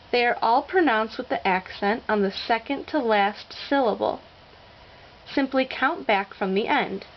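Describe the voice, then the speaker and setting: A woman narrating a scripted language lesson, slowly sounding out each example word. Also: on the high side, muffled recording, a little hiss or hum. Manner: slow, deliberate, sounding out example words. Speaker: Spanish teacher.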